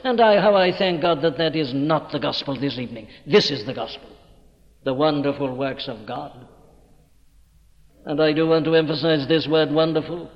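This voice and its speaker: A man's voice: on the high side, fairly even intonation, normal speed. A man preaching an evening sermon in an emphatic, declamatory way, hammering words with rising stress. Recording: dull old recording with long hall reverb.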